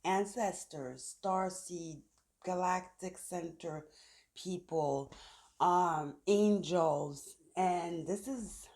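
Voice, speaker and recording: A tarot reader speaks extremely slowly in a lowish, slightly mellow voice. She's doing a casual reading outside in the sun, chatty and thinking aloud while pulling cards.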